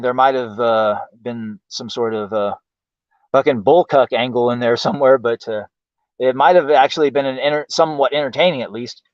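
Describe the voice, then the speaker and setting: Heavy profanity and a repeated "why" fill this exasperated rant from a livestream host with a mid-range voice. No room sound is present, and the home streaming mic delivers dull, lo-fi stream audio.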